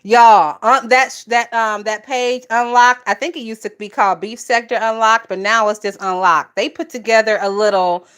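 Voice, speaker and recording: A woman chats through a gossip livestream, breaking into laughter again and again. Her voice sits a little high for a woman, and she reads out viewer comments as she goes. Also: fairly even intonation, moderate pace, hardly any pauses, clear, resonant tone. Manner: laughs often, loud and amused. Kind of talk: casual gossip chat reading live comments.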